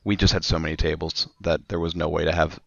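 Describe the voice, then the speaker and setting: A man co-hosting a gaming podcast and chatting casually about running an event, talking quickly and repeating his words. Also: very deep voice, level tone, gravelly, no room sound. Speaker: podcast co-host and event organizer. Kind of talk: casual roundtable chat. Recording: dull, muffled mic.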